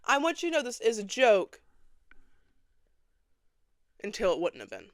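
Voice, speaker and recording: Young woman host, casual dramatic storyteller with sass, smooth voice, dry close sound. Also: fairly high pitch, wildly swooping pitch, a little slow, no echo. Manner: dramatic, sassy, acts out other people's lines. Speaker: podcast host.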